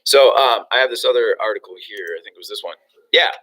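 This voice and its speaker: A young man coaching real estate agents in a lively motivational talk. His voice is bright and sharp, and he restarts sentences often with lots of ums and you-knows. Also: on the low side, fast talker, low-quality recording. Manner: energetic, acts out phone calls, many fillers and restarts.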